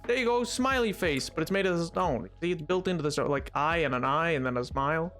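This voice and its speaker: A man's voice: on the high side, lively intonation, a little fast, a bit bright, soft background music. A man streaming a game, chatting casually with a rambling, playful, self-mocking way of talking. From United States. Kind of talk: casual livestream chat while gaming.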